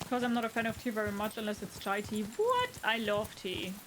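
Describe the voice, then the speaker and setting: A woman's voice: mid-range voice, flat delivery, fast talker, noisy background. A woman with a German accent chatting casually while streaming a game, thinking aloud and answering her chat. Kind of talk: casual gaming livestream chat.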